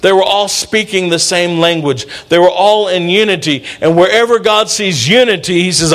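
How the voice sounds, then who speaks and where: A middle-aged male pastor preaching a sermon in an animated way, with playful asides and bits where he acts out voices. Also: high-pitched, moderate pace.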